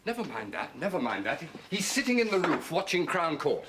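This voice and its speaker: An arch, teasing old friend. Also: male voice, fairly high pitch, very animated, fairly quick. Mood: wry. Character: Tom, wry theatrical older friend. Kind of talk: 1970s TV sitcom acting. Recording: old TV soundtrack with light hiss.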